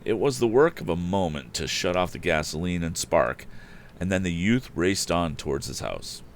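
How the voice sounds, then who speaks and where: A man reading an old adventure novel aloud, narrating and jumping into excited character voices. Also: moderate pace, slight background noise. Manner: animated, jumps up in pitch for excited characters. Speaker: storyteller.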